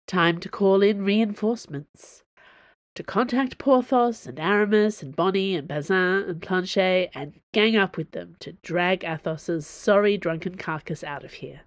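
Woman reading her own story, low and dry. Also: normal speed, no echo. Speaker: author reading own fiction, podcast host. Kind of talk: storybook narration.

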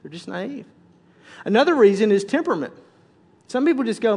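A man's voice: sits high, big pitch swings, fairly quick, pauses often, dark tone, husky, long reverb tail. A man, a pastor, preaching a conversational, joking sermon, full of restarts and acted-out quotes.

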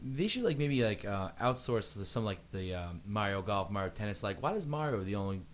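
A man co-hosting a casual gaming podcast, cracking jokes and chiming in quickly. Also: on the low side, very animated, a crowd in the background. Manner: jokey, quick interjections. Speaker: podcast co-host.

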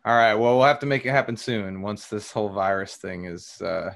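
Gravelly-voiced male podcast host. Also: fairly low pitch, brisk, fairly bright tone. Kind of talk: casual podcast talk and outro.

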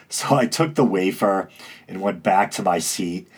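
A low, husky man with a stuffy-nosed East Coast accent talks his way through a solo podcast episode. His delivery is droning and dry, full of uhs and self-mocking asides. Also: animated, moderate pace. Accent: East Coast American. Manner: dry, self-mocking, many filler sounds. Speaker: podcast host. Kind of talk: casual solo podcast monologue.

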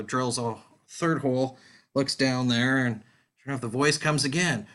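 Bright-voiced man telling a story. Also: medium pitch. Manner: halting storyteller with many fillers. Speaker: podcast guest. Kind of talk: casual interview chat.

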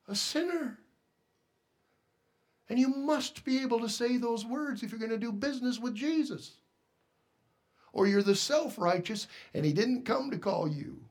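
A man preaching a sermon, emphatic, asking the congregation rhetorical questions and swinging between hushed and loud delivery. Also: high voice.

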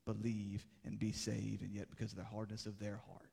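A young adult man preaching a sermon as pastor, moving between urgent, rising exhortation and hushed, grave passages. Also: lowish voice, monotone, fairly quick, vocal fry, husky. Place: church sanctuary. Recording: long hall reverb.

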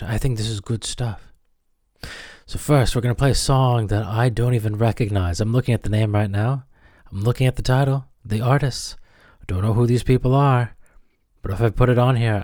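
A man's voice: on the low side, darkish tone, no room sound, studio quality. A man hosting a radio show, rambling and self-deprecating in comic banter with his listeners. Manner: self-deprecating, chatty, talks to the audience.

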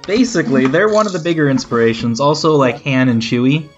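A man in an easygoing pre-game chat, explaining plans in loose, rambling sentences. He speaks at a middling pitch over a dull, lo-fi voice call. Faint music plays behind him. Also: quick pace. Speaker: game designer and game master.

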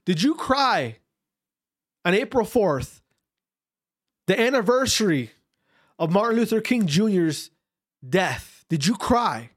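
A speaker ranting straight to camera in a slow, deliberate delivery. The pitch swings widely as they hammer home repeated rhetorical questions. The tone stays blunt, with swearing for emphasis. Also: big pitch swings. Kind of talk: opinion rant to camera.

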